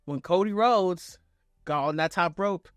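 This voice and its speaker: A man giving a casual, excitable and profane reaction review, retelling a wrestling show blow by blow. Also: sits high, measured pace, no echo, soft background music. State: on vacation.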